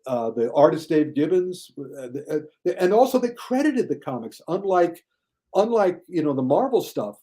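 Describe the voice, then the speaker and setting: A man talking casually as a guest critic on a podcast, enthusiastic, and mocking critics in a high whiny voice. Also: very animated, normal speed, mellow.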